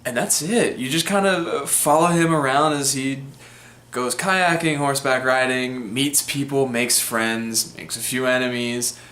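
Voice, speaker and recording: A man's voice: medium pitch, fairly even intonation, a little slow, bright, forceful tone. Young man, casual film review, rambling with fillers, echoey room. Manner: rambling, chatty, lots of fillers. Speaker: film vlog host. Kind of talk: casual movie review monologue. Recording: roomy echo.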